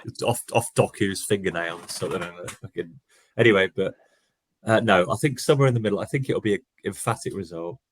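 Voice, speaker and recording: A man's voice: sits low, fast talker, a little hiss or hum. A man co-hosting a casual football podcast, chatting loosely and laughing often. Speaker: podcast co-host. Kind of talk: casual chat.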